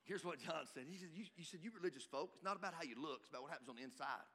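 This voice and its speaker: A high-voiced man preaches a sermon in a bright, forceful tone. He builds emphatically and breaks into shouts at his peaks. His voice rings out with a long hall reverb. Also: racing, slight background noise. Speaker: pastor.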